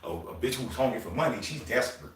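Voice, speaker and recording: A man's voice: mid-range voice, animated, quick pace, reverberant. A man hosting a livestream, rambling on in a casual, profane rant with many asides, stumbles and restarts. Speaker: livestream host.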